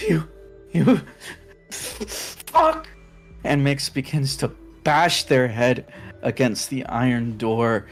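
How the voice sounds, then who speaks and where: A tabletop role-play player narrating their own character's actions in slow, halting phrases. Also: mid-range voice, faint music behind.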